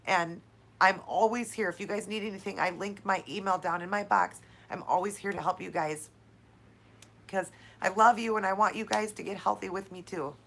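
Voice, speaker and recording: A woman's voice: mid-range voice, steady tone, moderate pace, gravelly, a bit bright, a little hiss or hum. A woman hosting a live-stream Q&A, talking straight to her viewers in an effusive, encouraging and heartfelt way. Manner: talks straight to viewers, calling them "you guys" and "honey". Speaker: channel host answering live viewer questions.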